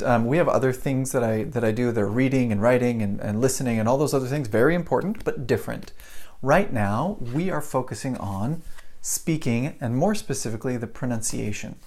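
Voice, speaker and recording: A man's voice: mid-range voice, darkish tone. Chatty American male English teacher running a live pronunciation lesson, loose and repetitive. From United States. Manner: chatty, repeats himself, greets viewers mid-lesson.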